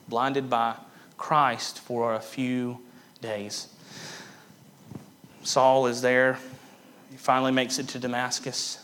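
Guy preaching a sermon, gets loud then drops real quiet, repeats stuff for emphasis. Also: medium pitch, a little hiss or hum. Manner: dynamic preaching, swinging from loud to hushed; emphatic repetition. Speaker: pastor.

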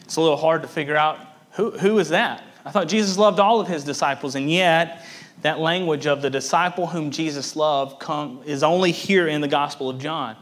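A man's voice: on the high side, normal speed, a bit bright. A man preaching a sermon as a pastor, earnest and emphatic, repeating words for stress.

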